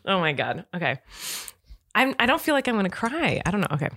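A woman's voice: mid-range voice, sing-song, fast talker, a bit bright. A woman in her thirties co-hosting a casual chat, giggly, nervous and chatty. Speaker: co-host.

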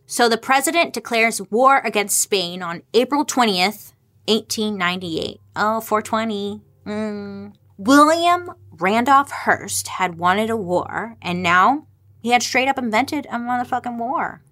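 A woman's voice: fairly high pitch, lively intonation, a little slow, fairly bright tone. Irreverent, sarcastic woman telling history. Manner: irreverent, sarcastic asides, swears freely; talks to the audience with rhetorical questions. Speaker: history explainer host. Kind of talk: casual comedic history storytelling.

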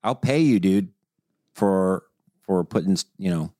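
A man with a very deep voice co-hosts a family podcast. He speaks earnestly, stumbling and repeating his words as he thinks. The sound is close and dry. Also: dark tone, no room sound. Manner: earnest, halting, repeats himself. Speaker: podcast co-host, songwriter dad. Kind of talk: casual family podcast chat.

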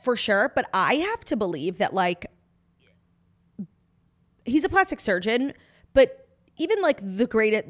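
A woman's voice: on the high side, sing-song, a little slow, long pauses. A woman co-hosting a podcast, talking frankly and animatedly in casual chat, with casual swearing. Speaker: podcast co-host.

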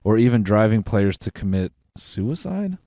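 Mellow low-voiced young man. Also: very animated, no room sound, studio quality. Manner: reads aloud haltingly, laughs, swears. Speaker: podcast co-host reading a story. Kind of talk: casual chat.

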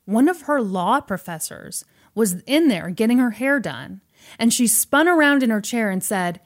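Woman, podcast host, chatty storyteller who acts out the quotes. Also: on the high side. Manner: animated, quotes characters in quick asides. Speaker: podcast host retelling a film plot. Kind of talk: casual storytelling chat.

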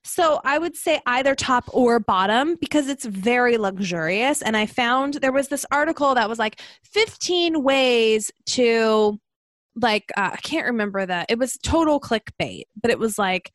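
A woman's voice: a little high, expressive, unhurried, fairly bright tone, no room sound. A woman co-hosting a casual podcast, chatting in a rambling way with lots of fillers. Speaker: podcast co-host. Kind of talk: casual chat.

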